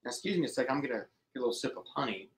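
A man's voice: medium pitch, animated, very fast. A middle-aged man with a slightly scratchy throat, chatting playfully with children between sing-along songs. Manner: chatty and playful, sings with guitar and harmonica. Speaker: children's musician. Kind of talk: sing-along music for kids. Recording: loud guitar backing.

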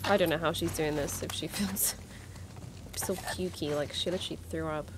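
A woman's voice: low-pitched, fairly even intonation, moderate pace, noisy background. A young woman chatting her way through a video game, exclaiming often and giggling between remarks. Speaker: gaming YouTuber. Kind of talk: casual let's-play commentary.

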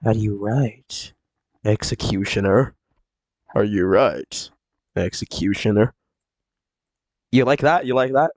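A streamer putting on a low, mock-menacing voice for a skeleton character, drawn out and gravelly. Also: brisk, dry recording, natural voice. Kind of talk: gravelly put-on impression.

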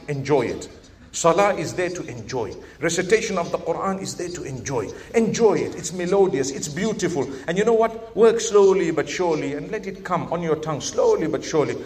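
Man, Islamic preacher, live sermon, fairly high voice, animated, questions the crowd, large events hall. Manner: animated, rising to emphatic exhortation, then softening; asks the audience questions and jokes.

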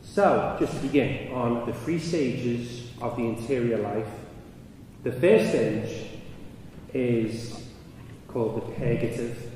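A man giving a conference talk, building up loud and lively when he tells a story. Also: medium pitch, slow pace, distant mic. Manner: storytelling, rising and loud in anecdotes. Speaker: speaker. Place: large hall. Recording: echoey hall, mic from afar, noisy.

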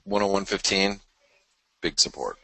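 Man, deep voice, bright forceful tone, dry close sound, tired, rambling market talk with fillers. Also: moderate pace, creaky, no echo, rough recording. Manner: loose, rambling, many fillers and restarts. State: tired and yawning. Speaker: trading show host. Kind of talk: live market chart analysis.

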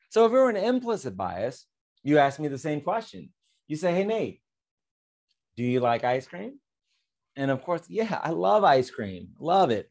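A man giving a talk on fair housing, telling an animated teaching story in which he quotes both sides of a conversation and repeats phrases for emphasis. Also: mid-range voice.

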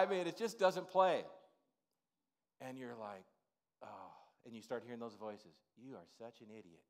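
In a church sanctuary, a pastor whose voice sits high preaches in a relaxed, chatty style. His sermon is loose and peppered with "you know."

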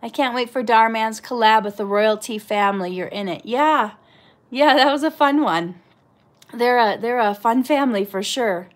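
Middle-aged woman host, pitched a bit high, casual live-stream chat that answers viewer comments. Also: moderate pace. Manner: reads out viewer comments and answers warmly, with prayerful advice.

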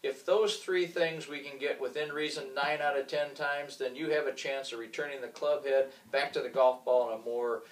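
A man's voice: mid-range voice, steady tone, normal speed, few pauses. A man teaching golf in a casual, joking way, acting out common mistakes while he demonstrates swings. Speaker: golf instructor. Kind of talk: instructional talk with demonstration. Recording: roomy sound from a distant mic.

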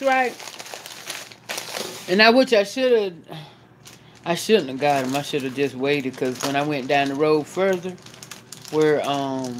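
A woman's voice: lowish voice, slight background noise. A woman, chatting casually to her viewers as she films herself at home and out on the porch. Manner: chatty, animated, talks straight to the camera. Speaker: vlogger. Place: at home, then outdoors on the porch.

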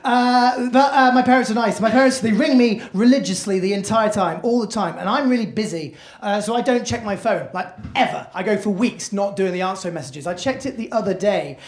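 A man's voice: sits high, a little fast, hardly any pauses, roomy sound. A man doing a stand-up comedy set on a club stage, conversational, sweary and self-deprecating, through a handheld mic.

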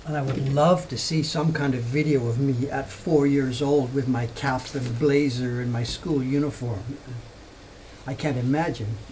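A man's voice: mid-range voice, fairly even intonation, measured pace, a little mellow, a little hiss or hum, low-quality recording. A man in his seventies from England, chatting casually on a livestream, rambling through memories and answering viewer questions. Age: 70s. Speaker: livestream host. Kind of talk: casual storytelling chat.

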